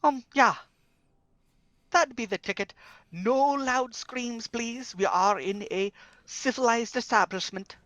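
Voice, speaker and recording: A woman's voice: a little high, takes it slowly, fairly bright tone, dry recording. A woman playing a tabletop game, speaking in character in a playful, slangy way. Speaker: player.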